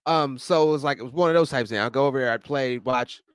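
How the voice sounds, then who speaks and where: A man co-hosting a casual podcast chat, relaxed and easygoing, laughing readily. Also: mid-range voice, fast talker, smooth, dry recording, clean studio sound. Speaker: co-host.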